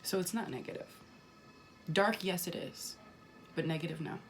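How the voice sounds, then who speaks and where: A woman's voice: fairly low pitch, moderate pace, faint music behind. A woman talking casually about spirituality to her viewers, emphatic and repetitive, swearing now and then. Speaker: spiritual vlogger.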